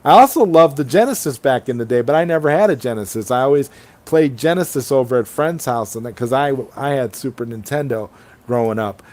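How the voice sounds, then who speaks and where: A man's voice: mid-range voice, animated, fairly quick, a little mellow. A man hosting a casual late-night livestream chat, reading viewer comments aloud and rambling enthusiastically between them over an online call. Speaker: livestream host. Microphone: online streaming call.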